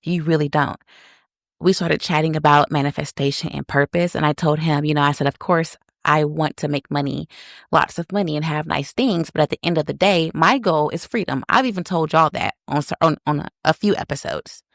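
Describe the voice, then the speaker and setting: A woman hosting a podcast, telling a personal story in an animated way and talking straight to her listeners. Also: sits low, brisk, vocal fry, no room sound, studio quality. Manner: animated, addresses listeners as y'all. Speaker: podcast host.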